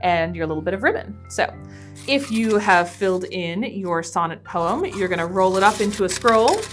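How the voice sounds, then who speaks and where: A woman's voice: medium pitch, lively intonation, normal speed. A woman presenting a library teen craft tutorial, explaining each step in a friendly, casual way. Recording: soft background piano music.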